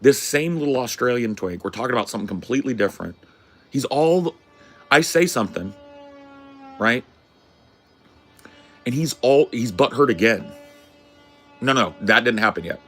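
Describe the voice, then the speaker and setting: A man hosting a podcast, telling a rambling story in a casual, profane, animated way. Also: mid-range voice, normal speed, pauses often, soft background music. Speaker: podcast host.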